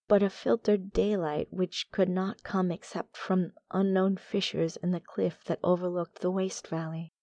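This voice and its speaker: A woman narrating a gothic horror tale as an audiobook, in a measured, deliberate reading. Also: lowish voice, mellow, no room sound.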